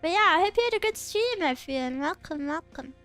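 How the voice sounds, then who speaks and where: High-voiced chatty young woman streamer. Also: lively intonation, brisk, a bit bright, soft background music. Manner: chatty, rambling, giggly. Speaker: VTuber streamer. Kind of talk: casual chat stream.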